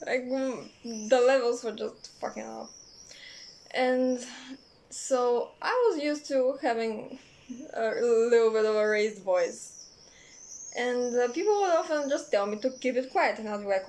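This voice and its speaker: A young woman telling a personal story in a casual, rambling way, swearing freely and filling pauses with "uh" and "like". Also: fairly high pitch, a little mellow. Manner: rambling, profane, many fillers. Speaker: vlogger.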